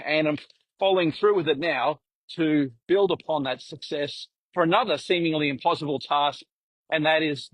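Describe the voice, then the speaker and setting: Breathless Australian man, slightly high voice. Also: a bit bright, no room sound, low-quality recording. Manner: earnest, halting with restarts. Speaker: Senate candidate. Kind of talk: unscripted video diary.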